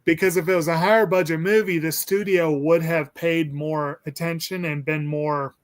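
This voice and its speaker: A man's voice: on the high side, fairly even intonation, normal speed. A man hosting a casual movie discussion, rambling and hesitant with lots of ums and restarts. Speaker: podcast host.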